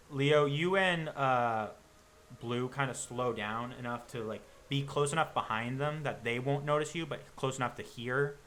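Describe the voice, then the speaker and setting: A man's voice: medium pitch, a bit bright. A man running a tabletop game as game master, narrating loosely with lots of fillers and restarts.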